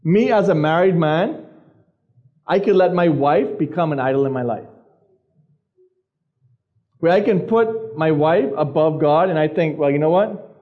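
A man's voice: a little high, expressive, a little slow, long pauses. A man preaching an informal sermon to teenagers as a youth pastor, chatty, asking questions of the room and repeating his phrases. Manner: conversational, asks the crowd questions, repeats phrases. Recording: dull lo-fi recording of a live service.

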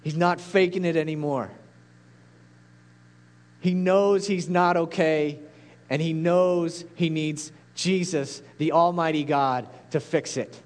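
A man's voice: on the high side, steady tone, takes it slowly, darkish tone. A man preaching a sermon as a pastor, earnest and pleading, building to intense peaks.

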